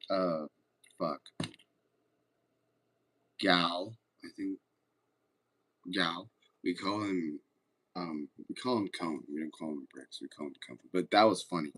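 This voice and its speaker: In a casual livestream, a man jokes with viewers and reads their messages aloud, all very laid-back. His low voice has a fairly bright tone, and he speaks slowly with long pauses.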